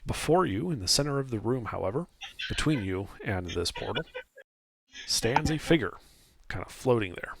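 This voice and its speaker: Gravelly game master narrating. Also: male voice, mid-range voice, animated. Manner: descriptive, unhurried narration with casual fillers.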